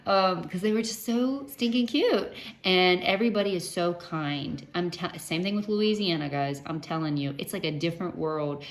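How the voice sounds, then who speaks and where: A woman whose voice is on the low side speaks at a moderate pace, giving cancer treatment updates to her viewers. In this casual to-camera chat, the West Virginian tells animated stories, full of fillers and restarts.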